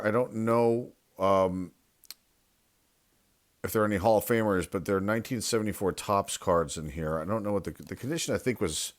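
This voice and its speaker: A man's voice: lowish voice, no room sound. A man, a sports card collector, chatting casually and unsure of himself as he opens a box of cards, thinking aloud and reading off player names. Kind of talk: casual card-opening commentary.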